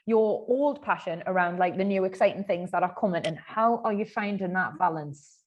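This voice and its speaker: A bubbly woman hosts a relaxed podcast chat. She swears freely and breaks into loud, high laughter. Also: moderate pace, dull audio. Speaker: podcast host. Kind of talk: casual chat.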